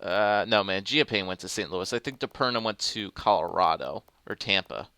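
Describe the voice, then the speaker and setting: A man's voice: low voice, normal speed, pushed and bright, clean tone, dry recording. A young man giving casual, rambling gameplay commentary, thinking aloud with fillers as he goes. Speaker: gaming commentator.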